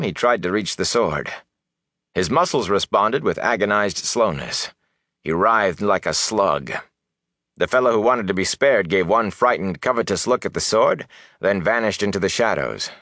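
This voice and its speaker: A man narrating a fantasy audiobook with expressive, lively storytelling. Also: lowish voice, dry recording, studio quality.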